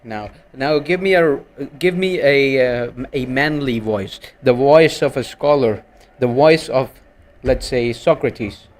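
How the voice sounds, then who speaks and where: Slow, bossy male streamer. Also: mid-range voice. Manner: bossy, heckling an AI assistant. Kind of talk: casual live stream chat.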